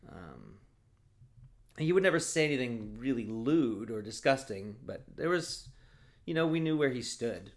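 A man's voice: medium pitch, very animated, a little slow. A man from Oregon co-hosting a podcast, telling long rambling stories in casual chat with plenty of fillers. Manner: rambling storyteller, lots of fillers. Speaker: podcast host.

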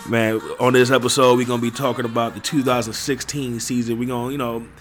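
A man opens his sports podcast in a loose, slangy, pumped-up way. His voice sits at a middle pitch, and faint music plays softly behind him. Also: flat delivery, fast talker. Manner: hype, slangy, repeats "man" and "y'all". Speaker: podcast host. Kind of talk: hyped-up solo podcast intro.

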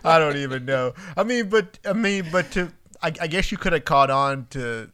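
A man's voice: on the high side, expressive, normal speed, bright, forceful tone, clear, resonant tone. Laid-back man in casual chat. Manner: laid-back, drops in short agreeing replies.

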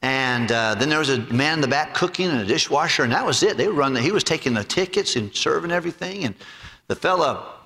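Male preacher, sermon, lively pitch, slightly high voice, acts out stories, echoing hall. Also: quick pace. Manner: animated storytelling, acts out voices and jokes. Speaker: pastor.

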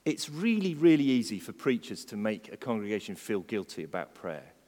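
A male preacher delivers a sermon with a lively, animated voice that climbs into fervent exhortation. His words carry a long reverb from a large church hall. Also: fairly low pitch, fairly quick. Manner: builds from quiet reflection to fervent exhortation.

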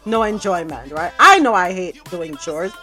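A woman's voice: on the low side, animated, normal speed, sharp tone, soft background music. A woman hosting a radio show, chatting casually and reading the news. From Caribbean. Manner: chatty, laughs easily.

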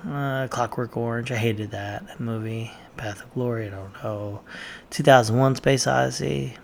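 A man's voice: mid-range voice, steady tone, unhurried, creaky, slight background noise. A man giving blunt, offhand opinions in casual commentary, with plenty of fillers. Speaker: vlogger reacting to movie lists.

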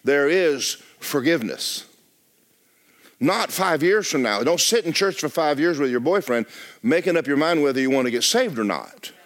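A man's voice: on the high side, animated, moderate pace. A man preaching a sermon as pastor of a church, talking straight to the congregation with joking asides.

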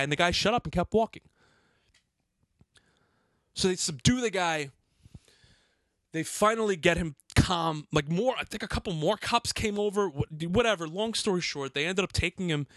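Male podcast host, high, bright voice, heated profane storyteller. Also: dry recording.

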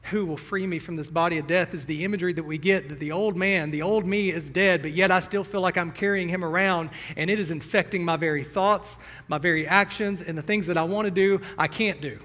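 Young male pastor, earnest sermon delivery, somewhat high voice, teary, long church reverb. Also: a little fast, hardly any pauses, a bit bright. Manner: earnest, emotional, addresses the congregation directly. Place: church sanctuary.

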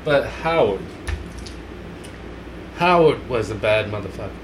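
A man's voice: fairly low pitch, expressive, unhurried, a little hiss or hum. A man on a podcast in casual chat, hedging his points and repeating himself. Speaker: podcast co-host.

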